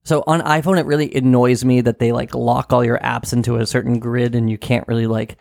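Gravelly man, blunt and teasing. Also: medium pitch, little pitch movement, brisk, a little mellow, no room sound, studio quality. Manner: blunt, swears casually, teasing. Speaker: podcast co-host. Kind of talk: casual chat.

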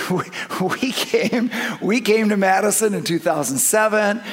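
Animated middle-aged male preacher. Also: high voice, unhurried. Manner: animated storytelling, swinging from loud emphasis to hushed asides. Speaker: pastor. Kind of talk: sermon.

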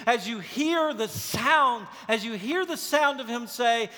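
A man with a high, bright voice preaching slowly and deliberately. His sermon swings from dramatic emphasis to a quiet hush. The sound rings with the long reverb of a church sanctuary. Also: lively intonation. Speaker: pastor. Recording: long reverb of a large hall.

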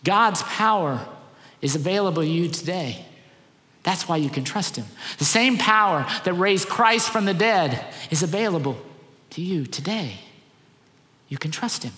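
A man's voice: high-pitched, expressive, unhurried, bright, forceful tone, in a large hall. A man preaching a sermon as pastor, earnest and emphatic, repeating key phrases.

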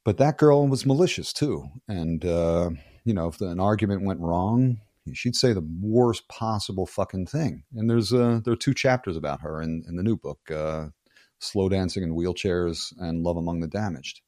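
A man's voice: low-pitched, normal speed, mellow, dry recording, studio quality. A man in his sixties from the United States, a guest in a casual interview, telling stories bluntly and profanely with rambling restarts. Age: 60s.

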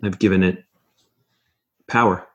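A man's voice: low-pitched, fairly even intonation, unhurried, lo-fi sound. A man voicing a possessed male corpse that speaks for a cold, indifferent evil in a tabletop game. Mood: menacing. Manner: cold, menacing.

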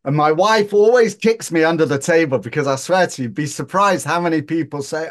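A man's voice: on the high side, animated, brisk, few pauses. A man in his sixties from Northern England with a Northern English accent, a guest telling his career story in a joking, self-deprecating way. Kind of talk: casual interview chat.

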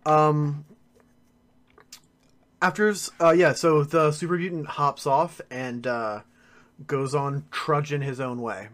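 A man's voice: fairly high pitch, fairly even intonation, a bit bright. A man narrating as game master of a tabletop game, casual and full of fillers. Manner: casual and filler-heavy, lots of "uh" and "like", quick to laugh.

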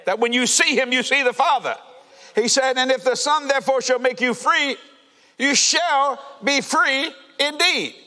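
Fiery high-voiced preacher. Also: male voice, measured pace. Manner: fervent preaching with shouts and laughter. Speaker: pastor. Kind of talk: sermon. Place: church sanctuary. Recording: reverberant church hall.

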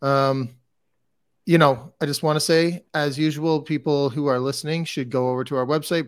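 A man co-hosting a real estate podcast in a relaxed, chatty way, with frequent fillers and restarts. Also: mid-range voice, dry recording, clean studio sound. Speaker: podcast co-host. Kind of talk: casual podcast chat.

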